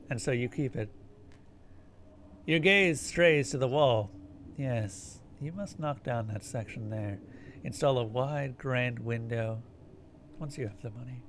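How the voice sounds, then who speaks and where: Streamer, male, reads game dialogue and narration aloud with relaxed offhand comments. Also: medium pitch, unhurried, pauses often, slight background noise. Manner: narrates descriptively, then casual asides.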